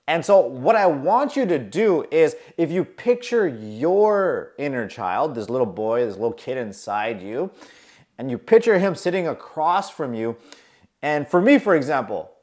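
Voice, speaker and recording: A man's voice: medium pitch, darkish tone. A man coaching on confidence, telling a personal story and acting out his own anxious inner monologue, moving between tense mutters and emphatic bursts.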